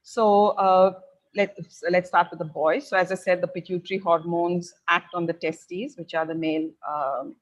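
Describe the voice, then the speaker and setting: A middle-aged woman giving parents measured advice, pausing often on fillers as she explains. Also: fairly low pitch, steady tone, low-quality recording. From India. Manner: measured and advisory, with frequent filler pauses. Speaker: parenting educator.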